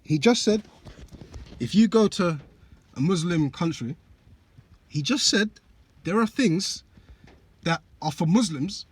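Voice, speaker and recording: A man's voice: high-pitched, lively intonation, takes it slowly, long pauses, breathy edge, no room sound. A young man giving casual reaction commentary, blunt and mocking, full of swearing and slang. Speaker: reaction channel host.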